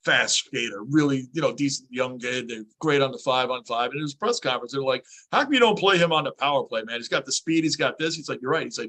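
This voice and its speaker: Animated man in casual sports chat. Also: medium pitch, fast, few pauses. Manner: animated, acts out coaches' quotes. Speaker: podcast co-host.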